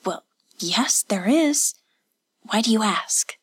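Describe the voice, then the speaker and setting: A woman voicing a nervous, polite male village innkeeper who talks in hushed, anxious tones in an audiobook. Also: medium pitch, lively intonation, slow, breathy edge, pitched above the performer's own voice, heavily acted. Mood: nervous whisper. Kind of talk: audiobook narration.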